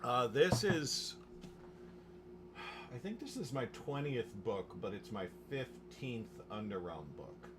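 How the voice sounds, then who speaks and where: A man talking casually while streaming his writing session, rambling with restarts and quick asides. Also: mid-range voice, expressive, background noise. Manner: rambling, with frequent restarts and chuckles. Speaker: novelist livestreaming his writing. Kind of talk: casual livestream chat.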